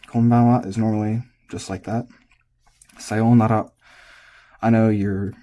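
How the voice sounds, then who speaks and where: An American man with a husky voice, giving a casual spoken lesson on Japanese pitch accent and thinking aloud with hesitant restarts. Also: dark tone.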